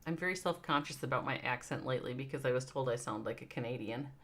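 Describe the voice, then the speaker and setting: A fast-talking woman with an extremely low voice and an American Midwestern accent chats casually with viewers on a live game stream. She thinks aloud and reads their names out.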